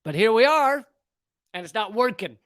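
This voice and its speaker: An American comedian and political commentator reads from a news article and reacts with a sarcastic, swear-heavy rant. His voice sits high and expressive with a slightly bright tone at normal speed, and there's no room sound. He comes across profane, sarcastic and exasperated.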